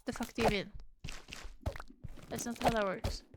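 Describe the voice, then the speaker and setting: High-pitched woman streamer chatting away while she games, swears a lot, noisy background hiss. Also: steady tone, moderate pace. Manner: swearing, teasing and chatty, talking to chat and a pet. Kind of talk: casual live-stream chat while gaming.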